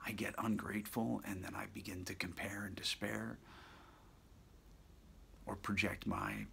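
A man giving a reflective personal monologue for his daily video blog, soft-spoken and half-whispered, musing with pauses and self-corrections. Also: on the low side, level tone, creaky, a little hiss or hum.

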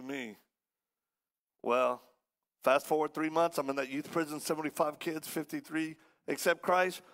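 Man, gravelly voice, guest preacher, animated storytelling sermon. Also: mid-range voice. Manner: animated, acts out quoted voices.

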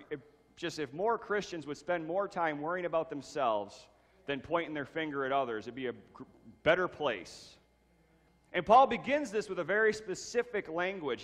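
A man preaching from the front of a church sanctuary, his fairly high voice ringing with a long reverb off the hall. He reads scripture aloud, then unpacks it, repeating key phrases for weight. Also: fairly bright tone. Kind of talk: sermon.

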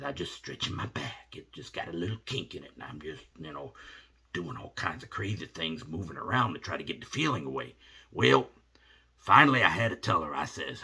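A middle-aged man, telling a rambling comic story in a folksy, animated way. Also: deep voice, vocal fry, breathy edge. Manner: animated, rambling, drops to hushed asides.

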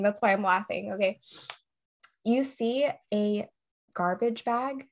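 A woman's voice: medium pitch, measured pace. A woman co-hosting a casual podcast, telling a scary story with suspense, swearing freely and breaking into giggles. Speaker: podcast co-host.

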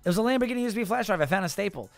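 A man in his thirties, a rapper guest, telling a long story in a lively, profane way and acting out the people in it. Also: high-pitched, rapid-fire, creaky, soft background music. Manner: animated, profane, acts out voices in his story. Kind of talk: casual storytelling.

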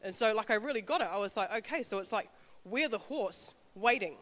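A woman, telling an animated testimony with frequent laughter. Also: mid-range voice, a little fast, big-room sound. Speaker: speaker sharing a testimony. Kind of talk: informal sermon talk.

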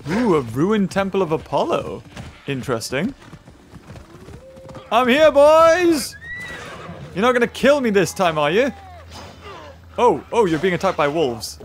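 A young man commentating a game playthrough, excitable and laughing often. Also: high-pitched, moderate pace, a little hiss or hum. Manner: laughs often, cheers at the screen. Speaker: gaming video host. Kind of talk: excitable let's-play commentary. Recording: commentary over game music.

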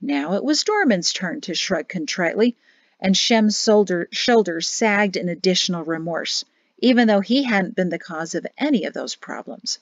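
A woman narrating an audiobook in a steady, measured reading. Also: fairly low pitch, no room sound, muffled recording. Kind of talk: scripted narration.

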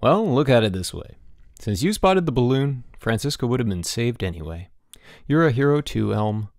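A man's voice: mid-range voice, big pitch swings, normal speed, a little mellow, no echo, clean studio sound. A man voicing a cheeky, scheming schoolboy who talks in a breezy, persuasive way.

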